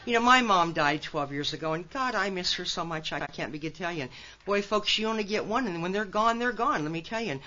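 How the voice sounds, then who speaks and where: An older woman from Nebraska giving a recovery talk at a conference, folksy and animated, often turning to address the audience directly. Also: lowish voice, quick pace, dull audio. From Nebraska, USA. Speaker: conference speaker.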